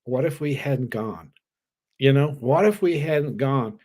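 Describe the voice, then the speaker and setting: A man co-hosting a betting podcast, telling an animated story in casual chat, swearing now and then and laughing. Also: mid-range voice, a little slow. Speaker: co-host.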